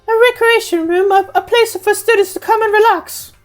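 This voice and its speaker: A woman voicing a polite, curious teenage boy student, reading his lines aloud in a measured way. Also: extremely high pitch, steady tone, soft background music, voice pushed up.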